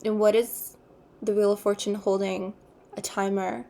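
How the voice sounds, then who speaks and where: A woman giving an intuitive tarot card reading, speaking in an unhurried, earnest way and repeating her spiritual phrases. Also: mid-range voice, level tone, creaky, warm tone. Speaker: tarot reader.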